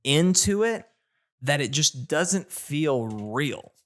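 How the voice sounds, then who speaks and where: A man co-hosting a casual gaming podcast, talking in an animated, ranting way with lots of restarts. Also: fairly high pitch, slow. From not British. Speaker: podcast co-host.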